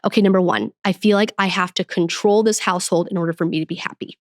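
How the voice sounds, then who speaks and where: A woman guest on a podcast, talking earnestly about faith and parenting and getting animated when she quotes herself. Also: lowish voice, fast talker, no echo, studio quality. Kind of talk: casual podcast conversation.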